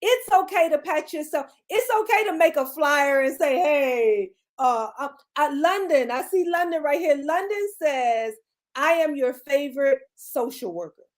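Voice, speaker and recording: This middle-aged woman, a beauty coach appearing as a guest, has a high-pitched voice with lively intonation and speaks a little slowly. In a casual motivational chat, she delivers an encouraging, repetitive pep talk with a preachy cadence.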